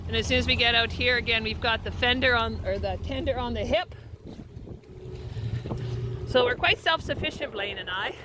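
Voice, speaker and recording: A woman's voice: a little high, normal speed, pauses often, noisy background. A woman hosting a vlog, chatting to camera as she films outdoors on a boat at a dock. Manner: chatty, narrating while filming. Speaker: vlog host. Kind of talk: casual vlog narration to camera.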